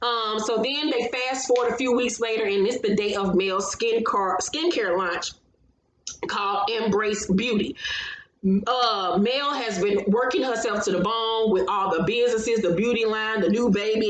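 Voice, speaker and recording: A woman's voice: mid-range voice, slight background noise. Blunt, gossipy woman in a roomy echo. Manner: blunt, profane and gossipy, with laughs. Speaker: host of a reality TV recap channel. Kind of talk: casual reality show recap.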